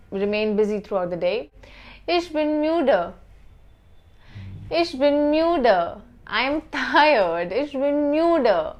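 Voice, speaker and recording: A woman teaching a beginner language lesson, saying each phrase slowly and repeating it several times. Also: sits high, lo-fi sound. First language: not German.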